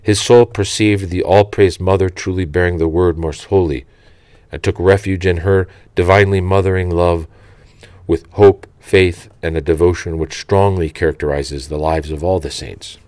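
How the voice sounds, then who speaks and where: Male reader, very deep and dry, slow and reverent, for devotional audiobook narration. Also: darkish tone, dry recording. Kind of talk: reading a saint's life aloud.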